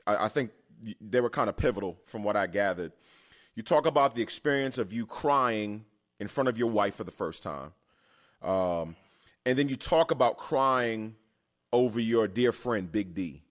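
Low-voiced man asking a halting question. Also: lively intonation. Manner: halting, repeats words while framing a question. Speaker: podcast host. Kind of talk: podcast interview.

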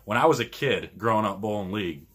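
Man, co-host, casual rambling storyteller, husky voice, bright forceful tone, laughs often. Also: on the low side, fast. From Michigan, US. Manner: rambling, laughs often, animated when retelling arguments. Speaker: podcast co-host and pro bowler.

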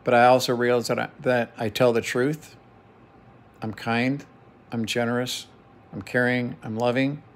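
A man's voice: medium pitch, level tone, unhurried. A middle-aged man venting in an emotional personal monologue to his camera, heated and profane, repeating phrases for emphasis. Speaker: vlogger.

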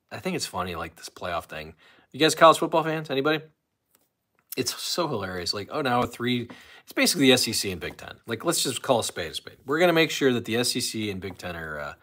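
A man's voice: medium pitch, fairly bright tone. A man hosting a casual solo live stream, rambling along and reading out viewers' comments. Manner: rambling, chatty, reads out chat comments.

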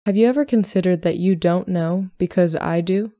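A woman reading as a plain-spoken young gentleman suitor who talks in a calm, matter-of-fact way. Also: sits high, normal speed, creaky, no room sound, studio quality. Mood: steady.

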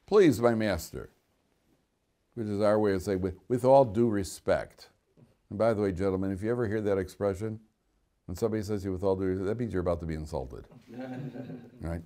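A man with a lowish voice speaks at a moderate pace as a rabbi teaching the weekly Torah portion in a study hall classroom. Animated and humorous, he reads Hebrew verses aloud, translates them, and tosses in joking asides.

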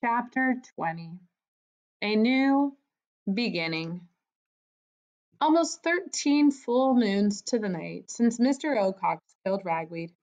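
A woman narrating a children's storybook aloud in a measured, gentle way, on a dull lo-fi recording. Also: a little high, lively intonation.

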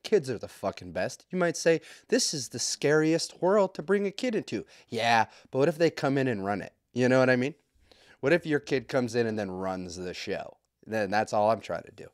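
A man's voice: mid-range voice, animated, moderate pace, dry recording, studio quality. A man in his thirties hosting a podcast, telling stories in a loose, profane, self-mocking chat. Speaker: podcast host. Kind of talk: casual solo podcast monologue.

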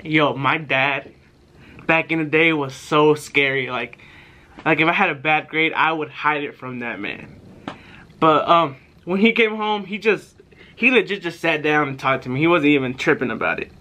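A young man telling a story in a bright, forceful voice that sits a little high for a man. He talks casually and profanely to his viewers, swings his pitch around as he gets worked up, and acts out the people in his tale. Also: moderate pace. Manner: animated, profane, acts out quotes. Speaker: vlogger.

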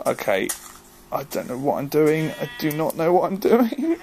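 A young man giving casual, excitable let's-play commentary, joking at his own expense and easily flustered as he plays. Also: a little high, a little slow, slight background noise. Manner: excitable, jokey, easily flustered, self-mocking. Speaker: gaming video host.

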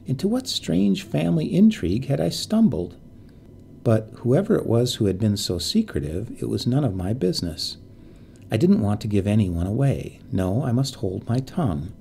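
A man narrating a quiet, creepy story in a measured, quietly suspenseful way. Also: mid-range voice, sing-song, creaky, slight background noise.

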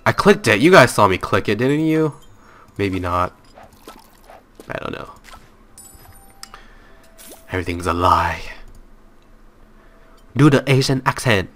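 A man's voice: fairly low pitch, very animated, a little slow, pauses often, fairly bright tone. A young man hosting a let's play, playful and self-mocking as he talks to viewers at his computer. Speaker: gaming channel host.

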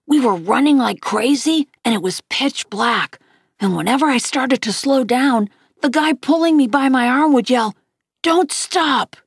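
A woman reading a novel aloud, lifting her pitch slightly for the characters' lines. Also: expressive, normal speed, husky, no echo, clean studio sound. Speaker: audiobook reader.

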